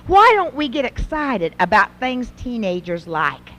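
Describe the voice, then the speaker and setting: Middle-aged lady giving a chatty talk to women, voice swoops up and down a lot, sits a bit high. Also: unhurried. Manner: animated, folksy, acts out mothers and daughters in quotes. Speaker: speaker at a Christian women's event. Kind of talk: conversational talk to an audience.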